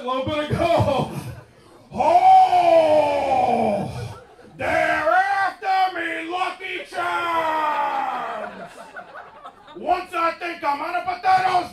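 A man playing a gruff older gangster who is hamming up a fake Irish brogue and shouting. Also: very high-pitched, slow pace, a little hiss or hum, voice pushed up. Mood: blustering. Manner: bellowing, shouting, mock brogue. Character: gruff older male gangster faking a stage-Irish act. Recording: echoey club, distant mic, crowd.

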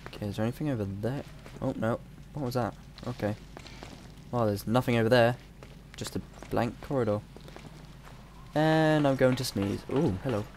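A man's voice: medium pitch, normal speed, pauses often, darkish tone, a little hiss or hum. A young man, a bit ill, chatting and rambling distractedly as he comments on his gameplay. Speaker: gamer. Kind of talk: let's play commentary.

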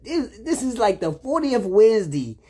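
A man's voice: high-pitched, very animated, moderate pace, mellow, husky. A man, rambling in a laid-back, casual monologue, often saying "you know what I'm saying". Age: 30s.

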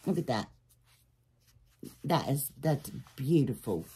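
A woman hosting a DIY channel, chatting casually to her viewers in a rambling, gushing, emotional way, sometimes dropping to a soft whisper. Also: low voice, animated, slow, pauses often, breathy edge.

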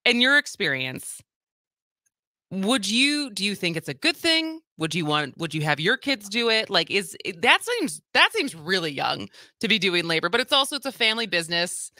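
A woman's voice: medium pitch, big pitch swings, moderate pace, pushed and bright, dry recording, studio quality. A woman co-hosting a talk radio show, teasing her partner and asking the caller probing questions. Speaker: radio co-host. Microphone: studio mic.

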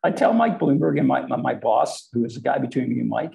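A man who grew up speaking Portuguese at home, a podcast guest telling stories with animated delivery. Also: medium pitch, fast, vocal fry, few pauses, rough recording. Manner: animated, acts out quoted voices. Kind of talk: storytelling in an interview.

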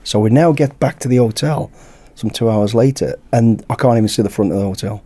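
A British man, a podcast guest, telling a lively anecdote in casual chat and acting out the dialogue. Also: on the low side, fairly quick. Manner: lively anecdote-teller who acts out dialogue. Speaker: podcast guest, former bodyguard.

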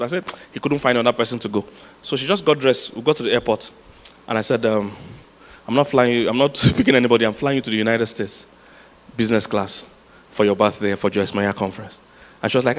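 Male pastor, mid-pitched voice, emphatic repeated lines, long church-hall reverb. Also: fast. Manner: storytelling with laughs, emphatic repetition. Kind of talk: sermon.

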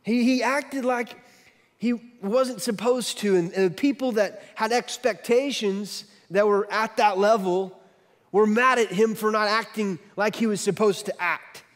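A man preaching a sermon as pastor, telling a story in an animated way with quick swings from loud to soft. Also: high voice, big-room sound.

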